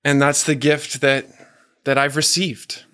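A man's voice: on the high side, little pitch movement. Earnest man giving a faith talk. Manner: earnest, slows and softens for quoted words. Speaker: men's ministry coach. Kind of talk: reflective faith talk to a group.

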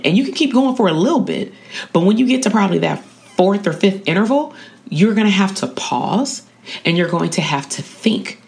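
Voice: mid-range voice, lively intonation, moderate pace, creaky, a little mellow. Slangy, conversational coping-skills teacher. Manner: conversational, slangy, checks in with "right?". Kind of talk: casual spoken lesson. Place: at a college.

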